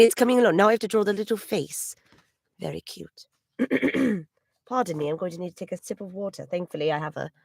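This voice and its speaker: Lively, polite woman streaming from home. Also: mid-range voice, no echo, studio quality. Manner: polite, slightly formal wording; chatty, with frequent little laughs and throat clearing. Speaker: voice actor hosting a livestream signing. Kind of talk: casual livestream chat.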